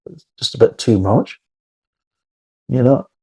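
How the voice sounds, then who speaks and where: A man talks through a beer review in a blunt, rambling way, swearing freely. His voice is mellow and dark, with a husky edge. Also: medium pitch, slow, low-quality recording. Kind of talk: casual spoken review.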